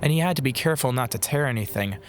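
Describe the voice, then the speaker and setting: A man narrating a fantasy audiobook in a measured, dramatic storytelling manner. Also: mid-range voice, expressive, background noise. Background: background music.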